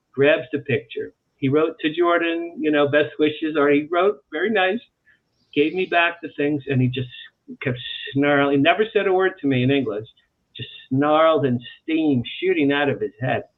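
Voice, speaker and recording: A man, an author guest on an interview show, telling animated anecdotes and repeating phrases for emphasis. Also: fairly high pitch, moderate pace. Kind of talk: storytelling in a talk-show interview. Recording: tinny phone-like line.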